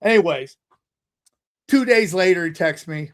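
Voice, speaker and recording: A man from upstate New York, a comedian and podcast host, telling a story with lively delivery and deadpan asides. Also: on the high side, normal speed.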